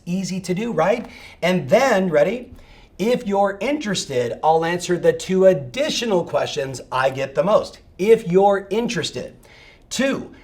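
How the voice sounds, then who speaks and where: Middle-aged man, real estate coach, fired up, emphatic, lively swooping voice, fairly high. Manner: fired up, emphatic, keeps asking "right?". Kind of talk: energetic motivational coaching talk.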